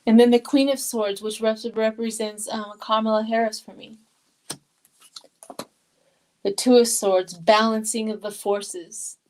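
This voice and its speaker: A woman's voice: a little high, fairly even intonation, unhurried, pauses often, darkish tone, slight background noise, poor audio. An older woman from Colorado giving a live tarot reading in an emotional, chatty way, reading viewer comments aloud. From Colorado, USA. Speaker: tarot reader.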